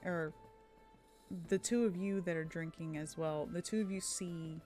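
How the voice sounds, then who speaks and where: A woman's voice: on the low side, unhurried, dark tone, soft background music. A woman running a tabletop game as game master, narrating with lots of fillers and frequent giggles. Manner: hesitant, giggly, many fillers.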